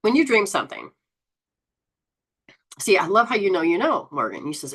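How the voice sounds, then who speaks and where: A woman hosting a spiritual live stream, reading viewer comments and coaching them in a lively, exclaiming, rambling way. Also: mid-range voice, moderate pace, breathy edge. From Southern Hemisphere. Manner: animated, exclaims and laughs often. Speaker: host.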